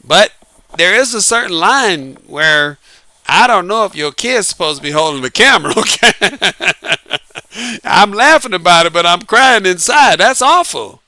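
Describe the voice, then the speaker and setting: A man's voice: high voice, lively intonation, normal speed, sharp tone, no room sound. A man talking casually to his viewers in a monologue, laughing often and using slang. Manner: laughs often, uses Southern-flavored slang. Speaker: online commentary host.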